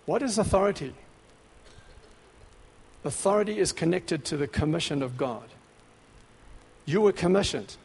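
A man with a notably high voice preaches with punchy, repetitive exhortation. His phrases stack up and swell toward excitement. The sound rings with the long reverb of a big hall. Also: normal speed, long pauses, slightly rough. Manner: grows louder and more excited. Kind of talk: sermon.

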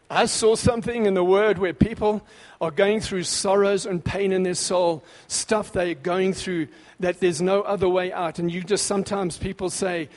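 A man preaching a sermon with fervent, emphatic bursts, then dropping into quieter scripture reading. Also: high voice. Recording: long reverb of a large hall.

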